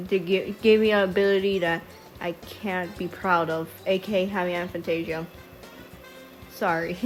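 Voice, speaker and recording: Rambling, foul-mouthed storytime woman. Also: medium pitch. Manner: rambling, swears freely, sidetracks; stutters at times. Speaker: storytime vlogger. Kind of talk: casual storytime voice-over. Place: voice-over over a speedpaint video. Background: faint background music.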